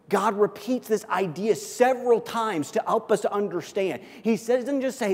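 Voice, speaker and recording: A man preaching a sermon as a pastor, animated and conversational with frequent asides to the congregation. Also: high-pitched, fairly quick, hardly any pauses, slightly rough, long reverb tail. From Kansas City area.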